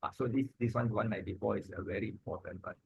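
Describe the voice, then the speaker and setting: A man, teaching Pali grammar in an informal lesson, halting and repeating himself, with many "ah" and "lah" fillers. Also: lowish voice, creaky, darkish tone, husky, dry recording, low-quality recording.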